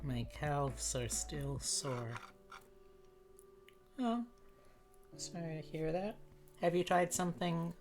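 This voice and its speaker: Woman, livestreamer, low voice, slow easygoing talk, casual chat while eating, faint music behind. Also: creaky. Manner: relaxed, chats with viewers between bites, reads chat aloud.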